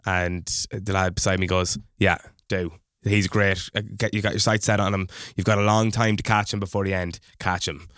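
An Irish man co-hosting a podcast, telling a running story with lively quoted voices and frequent laughter. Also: low-pitched, moderate pace, hardly any pauses, smooth, no room sound, clean studio sound. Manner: animated storyteller, laughs often. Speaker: podcast co-host. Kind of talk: casual chat, storytelling.

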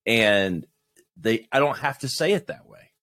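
A man who is a podcast guest, talking in a reflective, halting way with many restarts. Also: mid-range voice, lively intonation, fairly bright tone, no room sound. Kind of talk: casual conversation.

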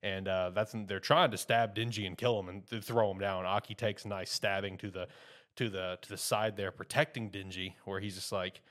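A podcast host talks through the episode in a relaxed, rambling way. He leans on fillers and restarts and sounds easygoing. His voice sits a little on the low side. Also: moderate pace. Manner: rambling, filler-heavy, loose and chatty. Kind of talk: casual anime episode recap.

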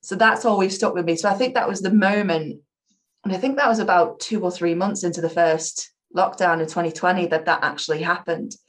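A woman's voice: lowish voice, steady tone, brisk. A young adult woman, an improv performer, talking chattily and animatedly in a casual interview, with self-mocking humor.

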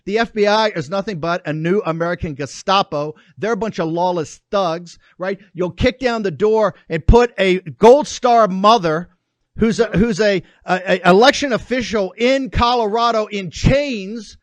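Guy hosting a political show, loud mocking rant, high voice, no room echo. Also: moderate pace. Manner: fiery, ranting, mocking. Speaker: show host. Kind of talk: combative political commentary.

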